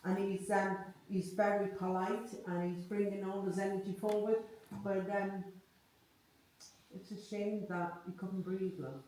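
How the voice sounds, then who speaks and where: A woman's voice: mid-range voice, level tone, measured pace, mellow. A woman working as a medium, relaying messages to a sitter in a chatty way, with frequent tag questions. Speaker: medium giving a reading. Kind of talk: live psychic reading to a sitter. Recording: echoey room from far off, faint noise.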